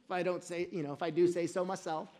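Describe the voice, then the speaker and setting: A preacher voicing a scheming male villain who boasts and vents about his rival, with outbursts of shouting during a sermon retelling. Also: mid-range voice, steady tone, fast talker, pitched below the performer's own voice, natural voice. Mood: smug. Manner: boastful, venting, rising to shouts. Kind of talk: sermon storytelling.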